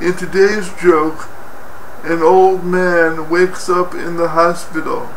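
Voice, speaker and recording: A man hosting a joke of the day, telling the joke in a halting way with many fillers and restarts. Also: a little high, steady tone. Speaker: joke teller, host. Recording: roomy, distant mic, faint hiss.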